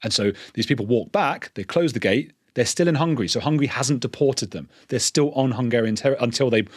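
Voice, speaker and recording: An English man, a podcast guest, talking in a quick, earnest way and restarting his sentences often. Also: medium pitch, husky, dry recording, studio quality. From England. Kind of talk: conversational interview.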